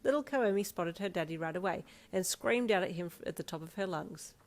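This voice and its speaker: A woman narrating a second-person fan fiction story in an expressive storytelling manner. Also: on the low side, brisk.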